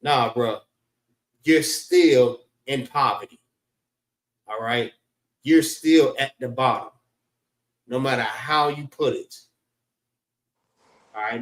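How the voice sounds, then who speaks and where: A man's voice: mid-range voice, roomy sound, poor audio. A man teaching a class over an online call, talking loosely and checking in with his listeners again and again. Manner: repeats "all right" as a check-in, loose and conversational. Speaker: class instructor. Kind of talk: casual spoken lecture.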